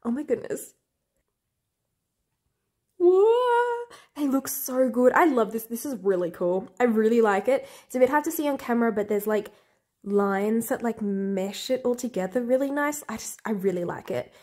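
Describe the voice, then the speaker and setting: A young woman vlogger unboxing albums in a room at home, gasping and gushing, often dropping to breathy half-whispered squeals. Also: fairly high pitch, fairly quick, darkish tone. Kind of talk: excited unboxing chat.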